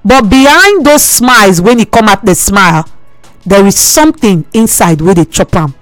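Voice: mid-range voice, animated, normal speed, fairly bright tone, dry recording, faint music behind, poor audio. A radio presenter with a Nigerian accent, giving a preachy, pleading talk monologue on air and mixing Pidgin with English.

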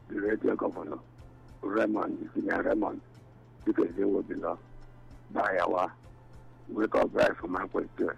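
A man's voice: sits low, creaky, breathy edge. A Nigerian man phoning a radio show, calling out long greetings to listeners by name. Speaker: caller. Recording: phone call into radio show with music.

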